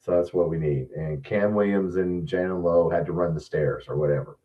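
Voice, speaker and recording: A man's voice: low-pitched, moderate pace. A man hosting a sports stream, ranting bluntly and profanely in casual commentary, often restarting his sentences. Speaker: sports show host. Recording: distant, dull lo-fi mic.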